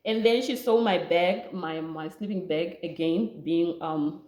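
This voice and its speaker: Animated young Namibian woman telling a story. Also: fairly low pitch, a little slow, echoey room. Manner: animated, laughing, mixes in local words. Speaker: vlogger. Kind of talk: storytime chat.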